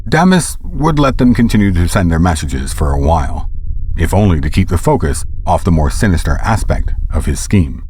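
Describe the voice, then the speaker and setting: A man narrating a scripted audio drama in a measured storytelling way. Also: sits low, big pitch swings, a little mellow, a little hiss or hum.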